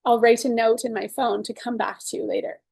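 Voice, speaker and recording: A woman's voice: a little high, steady tone, a little fast, gravelly, darkish tone, husky, no room sound. A woman leading a guided tapping session and teaching casually, earnest and upbeat, often saying "like" and "right?". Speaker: EFT tapping coach.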